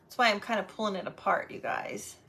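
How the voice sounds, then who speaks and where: A middle-aged woman hosting a live crafting stream, chatting warmly and greeting viewers by name as she works. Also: mid-range voice, fairly quick, gravelly. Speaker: crafting livestream host.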